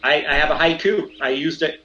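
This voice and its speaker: A man playing in a tabletop role-playing session, talking in an animated, theatrical way and laughing often. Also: a little high, brisk, noisy background. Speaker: player.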